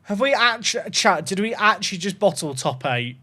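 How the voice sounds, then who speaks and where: Pushed and bright, his voice sits high with a sing-song lilt at a moderate pace. The man is a streamer playing a football management game, cursing and addressing his chat with dramatic despair in casual commentary.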